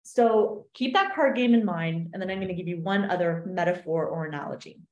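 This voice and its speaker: A woman coach explaining an exercise in an animated podcast chat, acting out little voices in her examples. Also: fairly low pitch, brisk, dull audio. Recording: roomy echo.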